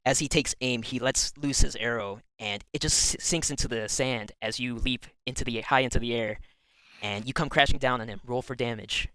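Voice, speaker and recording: Bright-voiced man running a tabletop game. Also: medium pitch, moderate pace, clear, resonant tone, no echo, poor audio. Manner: laid-back, laughs often. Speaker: game master.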